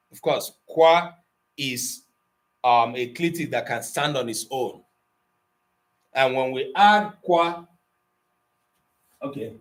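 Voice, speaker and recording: A man with a slightly high voice teaches a language class over a video call. He explains each point slowly and patiently, and he often switches between Igbo and English. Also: a bit bright.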